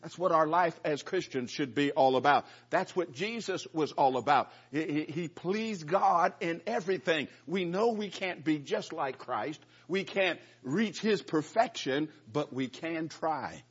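A man's voice: a little high, lively intonation, a little slow, few pauses, husky. A man preaching a Bible-study sermon in an earnest, emphatic way, often repeating words as he goes. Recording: muffled lo-fi recording.

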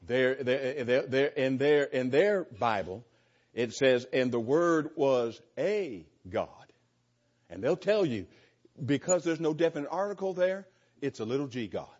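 Male pastor teaching scripture, husky tone, dull lo-fi recording; earnest, stumbling restarts. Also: medium pitch, expressive, moderate pace, a little mellow. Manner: earnest, repeats words and restarts often. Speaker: pastor teaching a Bible study. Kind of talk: conversational Bible teaching. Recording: slightly dull lo-fi sound.

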